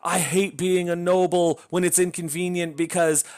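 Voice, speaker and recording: A man's voice: high voice, fairly even intonation, normal speed, a little mellow, pitched above the performer's own voice, close to an everyday voice. A man voicing a dithering young noble heroine in a whiny, mocking singsong.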